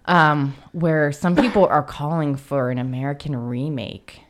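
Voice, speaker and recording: A woman's voice: low-pitched, fairly even intonation, measured pace, slight background noise. A woman co-hosting a podcast in casual chat, often hesitating and repeating words as she starts a thought. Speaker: podcast co-host.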